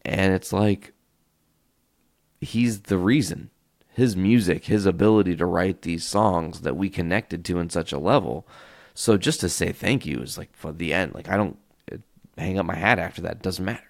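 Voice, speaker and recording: Deep gravelly podcast host telling stories. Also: male voice, normal speed, dry recording, clean studio sound. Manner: animated, tells stories by acting out quoted voices; casual and loose, swears freely. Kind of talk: casual solo storytelling.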